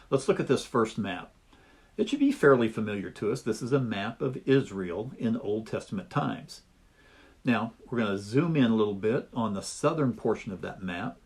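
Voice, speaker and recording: A man teaching a Bible study lesson over slides, explaining in a measured, folksy way. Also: medium pitch, gravelly, darkish tone, breathy edge.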